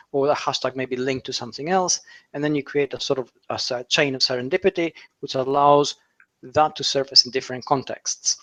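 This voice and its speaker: A man's voice: mid-range voice, fairly bright tone, rough recording. A man explaining online concepts in a talk, with frequent fillers, restarts and rhetorical questions. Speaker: SEO author and speaker.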